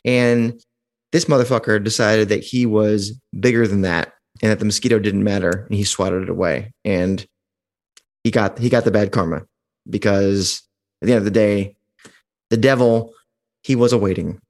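A man's voice: on the low side, fairly even intonation, normal speed. A man co-hosting a podcast in casual chat, rambling with restarts and swearing. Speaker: podcast co-host.

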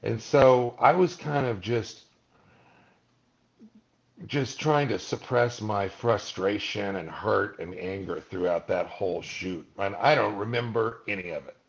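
Gravelly dude, lo-fi sound, chatty storyteller doing little voices for people. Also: male voice, on the low side, unhurried. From Malibu, California. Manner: animated storyteller, acts out quoted voices. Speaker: interview guest, actor. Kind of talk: casual storytelling interview.

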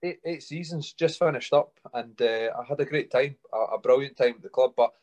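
A man's voice: medium pitch, fairly even intonation, fairly quick, darkish tone. A man in his thirties with a Scottish accent from the Stirling area, a guest in a casual interview, upbeat and easygoing. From Scotland. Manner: upbeat, easygoing, says aye. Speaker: guest, rugby player.

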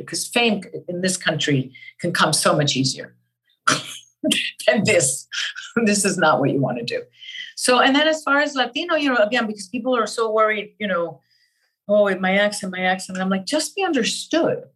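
An older woman from Cuba, an actress guest in an interview, talking in an animated, emphatic way and repeating key phrases. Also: mid-range voice, fairly quick, slightly rough, rough recording. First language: Spanish. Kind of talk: interview conversation.

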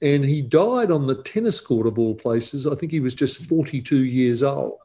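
A man's voice: medium pitch, animated, moderate pace, background noise. A middle-aged man with an Australian accent, a guest author who tells stories vividly and emphatically in an interview. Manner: vivid, emphatic storyteller who acts out quoted dialogue. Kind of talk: animated storytelling interview.

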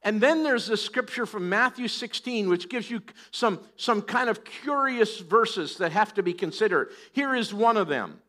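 A man's voice: sits high, animated, normal speed, hardly any pauses, bright, forceful tone. A middle-aged man preaching a sermon, animatedly acting out scripture voices. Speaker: pastor.

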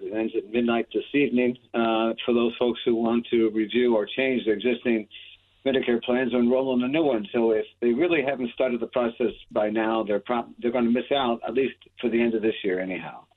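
A man's voice: medium pitch, steady tone, a little fast. A man being interviewed on the radio as a Medicare specialist, explaining plans steadily with many uh's and restarts. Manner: explanatory, with frequent fillers and restarts. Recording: tinny phone line.

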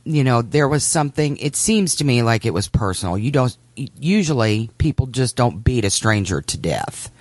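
A man's voice: medium pitch, animated, moderate pace, hardly any pauses, dry recording. A man co-hosting a casual podcast, musing and repeating himself as he works through his thoughts. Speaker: podcast co-host. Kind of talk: casual chat.

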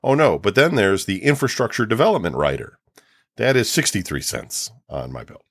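A man with a lowish voice that swings up and down a lot as he rants in casual podcast chat. He swears freely and sounds close and dry, with no room around him. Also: moderate pace, breathy edge, no echo. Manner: ranting, animated, swears freely. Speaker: podcast co-host.

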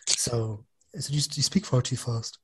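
A man's voice: mid-range voice, a little slow, fairly bright tone, husky. A man, an author talking casually as an interview guest, chatty and self-deprecating with lots of restarts. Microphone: studio podcast microphone.

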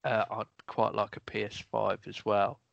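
A man co-hosting a podcast, speaking softly and earnestly in a halting, casual way. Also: on the low side, flat delivery, gravelly, no echo, dull audio. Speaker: podcast co-host. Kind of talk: casual chat.

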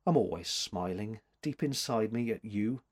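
A man reading the part of a large, gruff young man who talks in an awkward, understated way. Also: medium pitch, sing-song, a little slow, mellow. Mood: quiet. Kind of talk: audiobook character reading.

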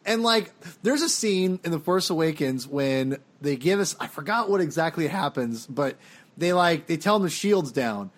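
A man with a slightly raised pitch talks through his film opinions in a loose, casual way. He rambles and restarts often, circling back over the same points. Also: animated, normal speed. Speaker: podcast co-host. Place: home, dog heard drinking behind him.

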